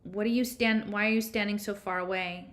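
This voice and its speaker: A woman reading aloud from a novel, voicing a sick teenage girl who is apologetic and unsure, in a soft, plain reading voice. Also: medium pitch, steady tone, fairly quick, lightly acted. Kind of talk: read-aloud novel dialogue.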